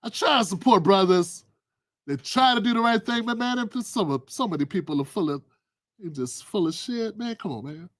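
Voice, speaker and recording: A man's voice: high-pitched, lively intonation, moderate pace, dry recording, studio quality. A middle-aged man hosting a livestream, ranting through political commentary in a blunt, aggressive and profane way. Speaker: livestream host.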